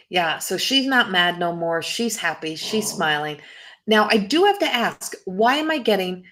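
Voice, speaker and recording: A woman psychic medium giving a live reading, her voice carrying a gravelly, fry-edged texture. She rambles and restarts her sentences, breaking into laughs now and then, and her pitch stays in a middling range for a woman. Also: a bit bright, slight background noise. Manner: rambling, self-interrupting, laughs often.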